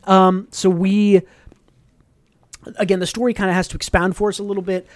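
A man's voice: high-pitched, flat delivery, normal speed, no room sound. A man co-hosting a podcast, casually recapping a comic book for a book club, talking with many fillers and acting out quotes. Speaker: podcast co-host.

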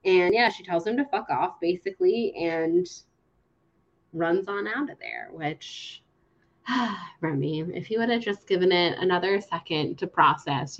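A young woman co-hosting a book podcast, chatting casually and slipping into the characters' lines as she retells scenes. Her voice sits a little low, and the recording sounds a touch dull and lo-fi. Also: unhurried. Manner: animated, acts out characters' lines while retelling. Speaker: podcast co-host. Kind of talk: casual book-club chat.

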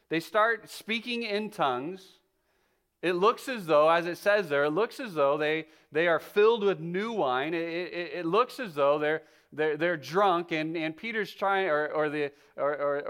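A male pastor with a notably high voice preaches in an easy, conversational way. He often stumbles and restarts phrases as he thinks aloud, walking his listeners through the text. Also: fairly bright tone. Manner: conversational storytelling with many restarts. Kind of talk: sermon.

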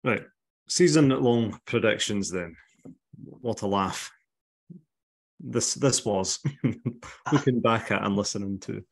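A man's voice: on the low side, slow pace, creaky, long pauses, husky. A Scottish man hosting a casual podcast chat, wry and teasing, often laughing. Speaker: podcast host.

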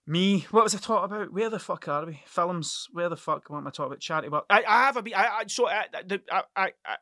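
A man's voice: sits high, quick pace, pushed and bright, no room sound. A man hosting a podcast, rambling through a casual monologue, swearing freely and stumbling over his words. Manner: rambling, sweary, stuttering storyteller. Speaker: podcast host.

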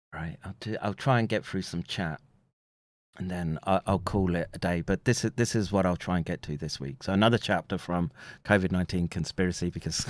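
A man's voice: sits low, no echo. An English man hosting a casual livestream, rambling, chuckling between remarks and reading viewer comments aloud. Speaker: livestream host reading chat.

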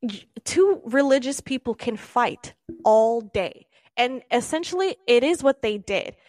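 Woman podcaster arguing her case, kinda high voice, stumbles a bit, dry close mic. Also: expressive, measured pace, darkish tone, no room sound. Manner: argumentative, explains at length with stumbles. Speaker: podcast co-host. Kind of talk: casual debate.

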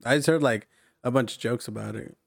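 A man's voice: medium pitch, a little fast, creaky, dry recording, clean studio sound. A young man joking around in casual chat with friends, slangy and laughing.

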